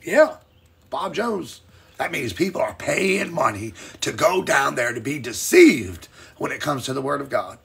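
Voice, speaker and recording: A man preaching in a live-streamed Bible teaching. He is fiery and emphatic, swinging between loud and quiet, and reads scripture slowly and deliberately. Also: on the high side, very animated, gravelly, husky.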